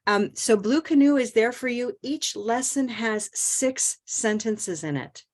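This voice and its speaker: A woman teaching English pronunciation in an online group lesson, encouraging and stretching out stressed words slowly. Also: on the high side, animated.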